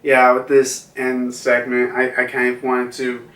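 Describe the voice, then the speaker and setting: A man's voice: mid-range voice, completely flat delivery, measured pace, fairly bright tone. A man casually reviewing a comic chapter, rambling with lots of fillers and restarts. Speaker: manga reviewer. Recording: echoey room, far from mic.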